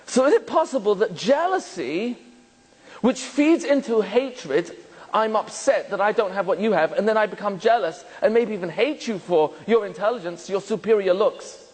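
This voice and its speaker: A rabbi giving a lecture to an audience, asking them many questions and joking with the room. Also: male voice, sits high, lively intonation, moderate pace, in a large hall, poor audio. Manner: jokes and laughs with the room.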